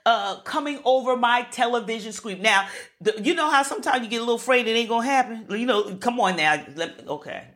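A woman preaching a sermon to an online group, animated and laughing often, calling for responses from her listeners. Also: a little high, brisk.

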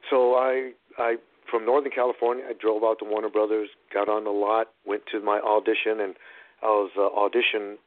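A middle-aged man, an actor and producer, retelling his story in an animated, rambling way with many restarts. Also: on the low side, fairly quick, no room sound. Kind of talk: storytelling in a phone-in interview. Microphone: phone line. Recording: phone-line radio call-in.

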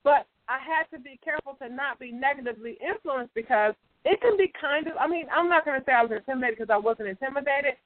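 A woman's voice: sits high, lively intonation, quick pace, hardly any pauses, no echo. A woman co-hosting a motivational talk show, emphatic and fond of saying "absolutely". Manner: emphatic, says "absolutely" often. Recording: phone-line audio, dry.

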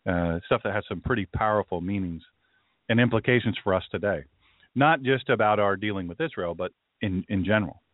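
A man's voice: fairly low pitch, a little fast, no echo. A male pastor hosts his show in a loose, rambling monologue, drifting into asides and then picking up his point again. The sound is narrow like a phone line and completely dry, with no room in it. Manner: rambling, with conversational asides and restarts. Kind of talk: casual podcast monologue.

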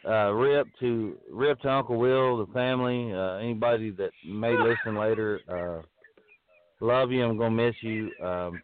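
Halting male co-host on a tinny line. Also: fairly low pitch, clean tone. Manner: halting, many fillers and restarts. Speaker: podcast co-host. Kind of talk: casual profane chat. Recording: phone-like narrow sound.

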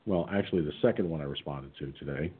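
A man's voice: rumbling low, fast talker, breathy edge. A man hosting an online political radio talk show, sarcastic and combative, reading his own replies aloud. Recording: tinny phone-line sound.

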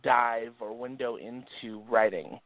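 A young adult man, a singer, chatting as a guest in a casual interview, halting with many restarts. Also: medium pitch, steady tone, no echo. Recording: tinny phone-like line.

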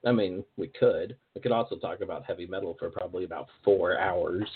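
A man hosting a podcast in casual interview chat, relaxed and joking. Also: deep voice, fairly quick, crowd noise. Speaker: podcast host. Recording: phone-like narrow sound.

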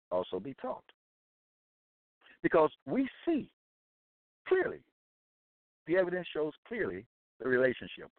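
An insistent man preaches in a monologue, repeating each point several times. His voice swings lively up and down for emphasis. It sounds dry and thin, like a phone line. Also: a little high, dry recording. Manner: repetitive, insistent, rising and falling emphasis. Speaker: self-published author and Bible commentator.

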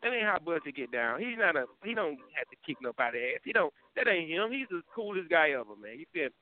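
A man hosting a live morning web show, telling a story in a casual monologue, animated and full of slang, often asking "you feel me". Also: a little high, fast. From Durham, North Carolina. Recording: tinny phone-like audio with faint music.

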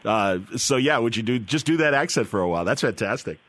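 A man's voice: medium pitch, expressive, fairly bright tone. Male radio host; eager, affirming, casual, loose questions. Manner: enthusiastic, quick affirmations, rambling questions. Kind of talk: casual interview chat.

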